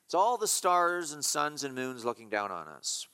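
Bright-voiced man preaching in a hall. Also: mid-range voice, big pitch swings, smooth. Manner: emphatic, repeats key phrases slowly. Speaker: pastor. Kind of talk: expository sermon.

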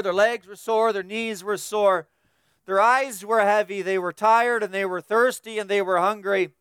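A man's voice: sits high, a bit bright, clear, resonant tone, dry recording, studio quality. A man preaching an expository sermon, emphatic and repetitive, building his points through long lists.

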